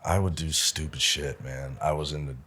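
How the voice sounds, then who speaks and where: A man's voice: extremely low pitch, fairly even intonation, normal speed, pushed and bright, breathy edge. A young man from Omaha chatting as a podcast guest, laid-back, laughing often and calling the host "bro". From Omaha, United States. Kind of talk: casual interview chat.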